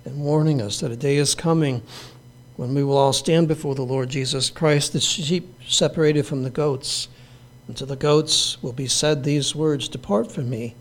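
A man delivers a sermon with a somewhat high voice. He preaches in an earnest, measured way and drives points home through repetition. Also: a little mellow. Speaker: pastor.

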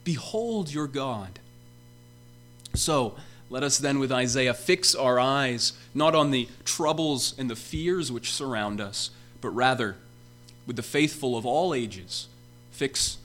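A man's voice: mid-range voice, slow, fairly bright tone. Man preaching an emphatic sermon. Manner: emphatic preaching, rising on repeated calls to behold.

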